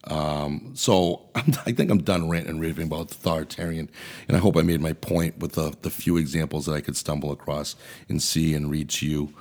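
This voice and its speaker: A man with a bass voice, slightly quick and somewhat mellow, hosts a podcast. He delivers an angry, profane political rant, bluntly laying out his commentary.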